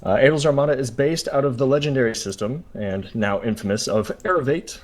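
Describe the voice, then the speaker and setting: A man speaking for his player group, giving a prepared, formal pitch over a call. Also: a little fast. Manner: formal, speech-like delivery.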